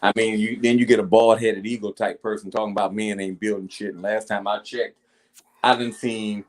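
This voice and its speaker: A man with a low voice speaks in a blunt, emphatic way. He rambles and swears freely as he hosts a casual discussion. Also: little pitch movement, fairly quick, darkish tone. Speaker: host.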